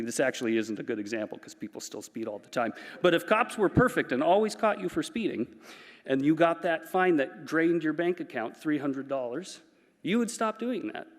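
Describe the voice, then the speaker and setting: Brief: male psychologist speaker, somewhat high voice, animated and playful, mic'd in a reverberant conference hall. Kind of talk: conference talk.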